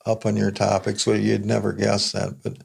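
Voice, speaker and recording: A gravelly older man speaks in a low, even voice with little rise and fall. He is a guest in a relaxed podcast chat, reflective and plain-spoken. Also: moderate pace. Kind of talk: casual conversation.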